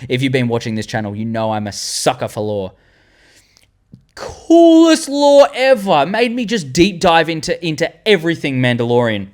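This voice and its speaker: A young Australian man in his twenties, hosting a fan tier-list vlog and rambling excitedly with the odd swear word. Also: mid-range voice, brisk, few pauses. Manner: animated, rambling, swearing, loses words mid-sentence. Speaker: channel host.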